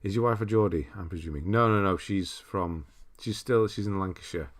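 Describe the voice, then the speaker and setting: A man with a mild northern English accent, hosting a casual livestream, reading viewer comments aloud and chatting in a relaxed, rambling way with frequent chuckles. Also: low voice, fairly quick. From northern England. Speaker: streamer host.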